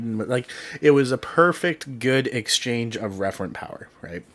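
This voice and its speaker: A man's voice: medium pitch, animated, normal speed, fairly bright tone. A man hosting a podcast in casual chat, telling stories in a rambling way full of "um", "like" and "right?". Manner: rambling storyteller, heavy on "um", "like" and "right?". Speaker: podcast host.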